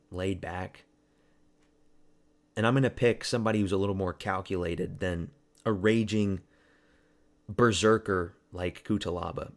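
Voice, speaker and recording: A man hosting a casual fight watch-party stream, rambling, swearing and answering chat. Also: on the low side. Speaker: livestream host.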